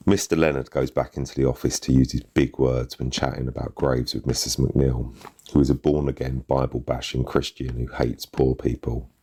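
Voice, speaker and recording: A man reads a gritty short story in the first person, his voice sitting very low in the chest. The tone is husky and breathy, and the telling stays bitter and blunt in street slang. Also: level tone, normal speed, dark tone. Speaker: narrator.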